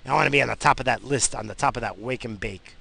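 Gravelly, tired man rambling in car. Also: mid-range voice, rapid-fire, sharp tone. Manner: rambling, with frequent restarts and fillers. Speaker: podcast host. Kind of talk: casual rambling monologue. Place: in a car, driving.

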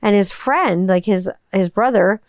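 A woman's voice: mid-range voice, a little slow, darkish tone, no room sound, studio quality. A woman, chatting casually and rambling, full of "like" and the odd swear word. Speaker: vlogger. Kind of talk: casual chat.

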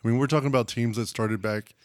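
A man's voice: medium pitch, steady tone, fast, no room sound. A young man with a mid-range voice chats on a podcast, joking around and finishing his co-host's sentences. The sound is dry and close to the mic. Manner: playful, jokey, finishes his partner's sentences. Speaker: podcast co-host. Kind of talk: casual chat.

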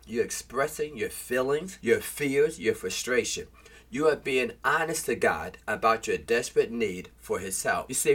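A man's voice: medium pitch, fairly bright tone, husky. A man preaching a sermon, reading scripture aloud and urging listeners in an earnest tone. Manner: earnest preaching that mixes read scripture with plain exhortation.

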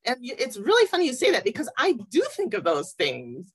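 A woman guest in a casual interview, talking in a lively, reflective way with a husky voice. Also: fairly high pitch, a little fast. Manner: lively, reflective, laughs easily.

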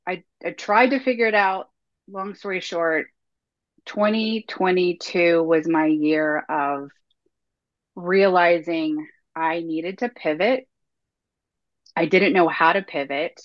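A woman in her thirties telling her story as a podcast guest, animated, acting out her own past self-talk in quoted lines. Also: low voice, no echo, highs cut off. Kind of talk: candid storytelling interview.

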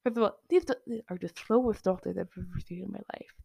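A woman co-hosting a casual movie-review podcast, retelling scenes in an animated way with excited outbursts. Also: mid-range voice, fast, gravelly, breathy edge. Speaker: podcast co-host.

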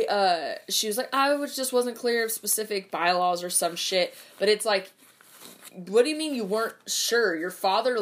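Casual rant from a young woman, cursing and rambling, heavy on filler words. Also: mid-range voice. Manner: profane, rambling, lots of fillers.

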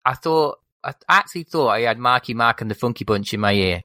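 Casting: dry-miked male podcast co-host, teasing, swings his pitch around. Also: expressive, a little fast, pushed and bright, dry recording. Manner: wry, teasing. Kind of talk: casual film chat. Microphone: desk microphone.

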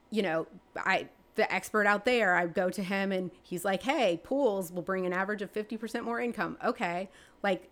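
A chatty woman talks through interview answers. She rambles, restarts her sentences and fills them with likes and you-knows. Her pitch leaps up whenever she gets excited, all in a voice of middling height. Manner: chatty, fast, with many fillers and restarts; animated, pitch jumping up when excited. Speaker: real estate agent and team leader.

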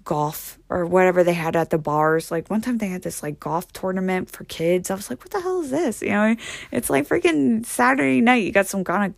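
A woman's voice: on the low side, normal speed, vocal fry, no echo. A woman telling a story in a casual, rambling way, full of fillers and swearing.

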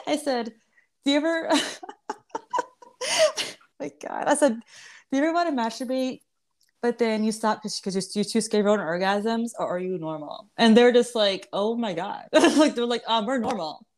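A woman's voice: on the high side, sing-song, a little slow, pauses often, darkish tone. A woman in her twenties hosting a podcast, chatting candidly with lots of swearing, restarts and laughter. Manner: candid, profane, laughs often, many restarts. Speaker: podcast host. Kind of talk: casual chat.

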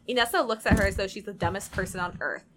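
A young woman podcast co-host narrating fan fiction aloud, with animated bursts when reading dialogue. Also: mid-range voice, fast talker, noisy background.

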